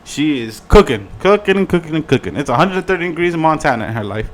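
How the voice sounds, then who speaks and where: A man giving a casual review in his vlog, swearing freely in an animated, slangy way. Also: on the high side, quick pace. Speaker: video reviewer.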